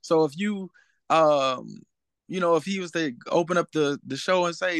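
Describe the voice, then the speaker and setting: A man's voice: on the high side, normal speed, gravelly, fairly bright tone, dry recording. Laid-back man in a casual interview. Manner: laid-back, frequent "you know what I'm saying". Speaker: rapper and interview guest.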